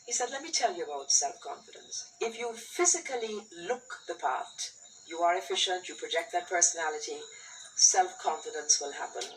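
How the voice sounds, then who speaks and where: Animated woman telling a personal story. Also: on the low side, moderate pace. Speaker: interviewee. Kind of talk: interview recollection. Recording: distant interview with faint noise.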